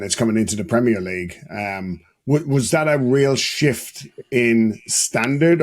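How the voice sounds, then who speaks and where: Man host asking rambling questions. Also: on the low side. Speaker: podcast host. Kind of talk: casual interview chat.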